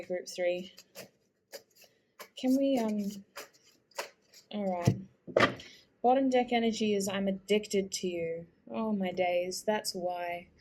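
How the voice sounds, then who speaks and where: A woman giving an intuitive tarot reading, soft-spoken, earnest and emotional, often hesitant and restarting her sentences. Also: medium pitch. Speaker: tarot reader.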